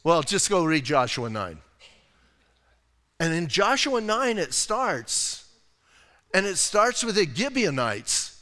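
A man's voice: high-pitched, sing-song, takes it slowly, long pauses, sharp tone, long reverb tail. A male pastor preaching a sermon in a conversational, emphatic style with rhetorical asides. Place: church sanctuary.

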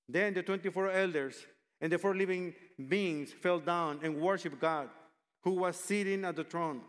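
Man preaching in a reverberant hall. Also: high-pitched. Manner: measured, emphatic, reads passages aloud. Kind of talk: sermon with scripture reading.

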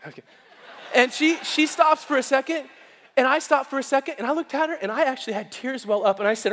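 A man preaching as pastor, telling a story with lively acted-out voices. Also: extremely high pitch, fast, big-room sound. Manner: animated storytelling, acts out quoted voices. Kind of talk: storytelling sermon. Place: church sanctuary.

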